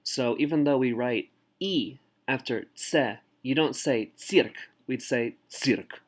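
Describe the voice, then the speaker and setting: Man casually explaining a language lesson. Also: mid-range voice. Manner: relaxed, sounds out words slowly. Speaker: language teacher.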